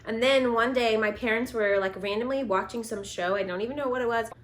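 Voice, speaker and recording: A woman's voice: a little high, a little fast. A young woman casually telling spooky family stories to a camera, chatty and full of "like", laughing often. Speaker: vlogger, co-host. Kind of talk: casual storytelling.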